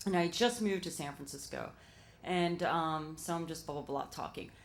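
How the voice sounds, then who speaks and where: A woman's voice: low-pitched, vocal fry. A young woman with a Philadelphia accent telling a personal story live on stage, chatty and filler-heavy. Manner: chatty, fast when nervous, lots of fillers.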